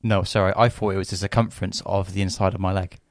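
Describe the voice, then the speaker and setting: A playful podcast co-host with a teasing manner and a lowish voice. The recording is dry and close. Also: male voice, level tone, fast talker, no room sound. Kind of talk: casual chat.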